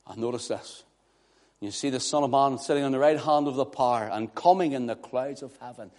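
A man preaching a sermon, swinging from hushed, quiet passages to loud, impassioned declarations. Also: medium pitch, brisk. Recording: long hall reverb.

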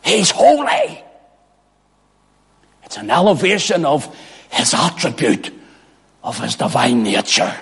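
A man preaching a sermon as pastor, dropping to near whispers and rising to ringing shouted cries. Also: mid-range voice, big pitch swings, measured pace, creaky, husky. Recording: long hall reverb.

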